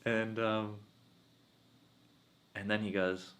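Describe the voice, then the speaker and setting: Slow, low-voiced swami telling stories. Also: male voice. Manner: slow, relaxed storytelling with frequent laughs. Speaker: swami giving satsang. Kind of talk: spiritual talk with personal stories.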